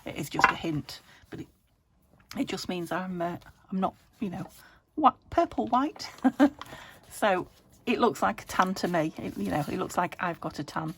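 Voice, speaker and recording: British lady rambling on while she crafts, lowish gravelly voice, chatty. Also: lively intonation, normal speed, fairly bright tone. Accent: British English. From United Kingdom. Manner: rambling, chatty, drifts into murmurs while working. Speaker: junk journal crafter.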